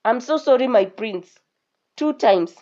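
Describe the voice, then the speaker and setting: A snobbish palace guard who looks down on the poor and rushes his apologies, as voiced by a woman storyteller. The voice is fairly high, on a dull recording. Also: animated, warm tone. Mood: apologetic. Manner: scornful, then quick apologies. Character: male royal guard, snobbish and disdainful.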